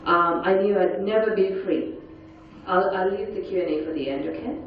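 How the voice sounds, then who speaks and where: A woman speaker at a conference panel, telling her own story in an earnest, quiet and intense way. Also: fairly low pitch, normal speed. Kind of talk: personal testimony talk. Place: large conference hall. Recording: echoey, dull hall sound from far off.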